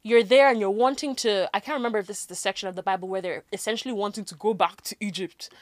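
A woman co-hosting a casual faith podcast, playful and animated, dropping into soft asides. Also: medium pitch, fast talker, dry recording, studio quality. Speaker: podcast co-host.

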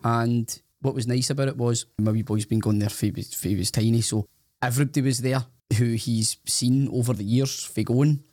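A man's voice: medium pitch, steady tone, a little fast, darkish tone, no echo, studio quality. Rambling Scottish man telling a story. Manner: rambling, self-deprecating storytelling with many restarts. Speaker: podcast co-host. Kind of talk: casual podcast chat.

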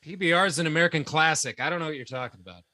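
A young man co-hosting a podcast who chats casually in an animated, teasing way and laughs often. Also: a little high, racing, no room sound. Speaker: podcast co-host. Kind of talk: casual chat.

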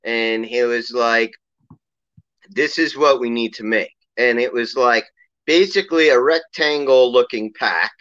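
A man tells a long, meandering story in casual chat. He talks with a bright, tense voice. The sound is dry and slightly dull, like a remote call. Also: mid-range voice, unhurried, no echo. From New York City. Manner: rambling, laughing, full of fillers. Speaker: guest, bike company owner.

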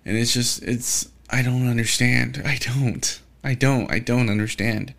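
A young man in a mid-pitched voice holds forth alone on his podcast. He rambles, swears freely and keeps breaking off to restart his thoughts, sounding frustrated. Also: fairly even intonation, unhurried, creaky, a bit bright. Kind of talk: casual solo podcast monologue.

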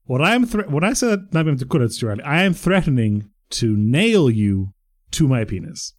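Croatian-born man, lively teasing podcast voice. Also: medium pitch, moderate pace. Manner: playful, teasing storyteller. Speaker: podcast co-host. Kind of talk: casual podcast chat.

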